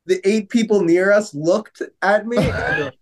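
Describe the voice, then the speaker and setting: Man, podcast co-host, casual chat, animated, fairly high-pitched. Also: moderate pace. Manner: animated storytelling, swearing, lots of fillers.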